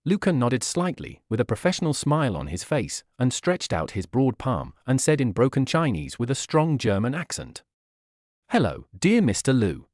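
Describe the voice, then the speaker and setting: A man reading a web novel aloud as a narrator, at an even, steady pace with little change between characters. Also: mid-range voice, moderate pace, hardly any pauses, no echo, studio quality.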